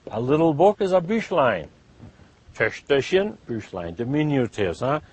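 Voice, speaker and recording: A man's voice: medium pitch, big pitch swings, measured pace, a little mellow, breathy edge. A man teaching a German class, drawing out vowels to demonstrate them and checking in with "huh?" after each point. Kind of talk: classroom lecture.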